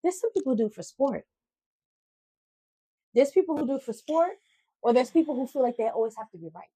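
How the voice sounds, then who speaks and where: A woman co-hosting a relaxed podcast conversation, her voice sitting a little high. She reads passages aloud and then explains them in plain terms, with some playful teasing. The sound is dry and close. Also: a little fast, breathy edge, no echo. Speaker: podcast co-host. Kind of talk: casual chat.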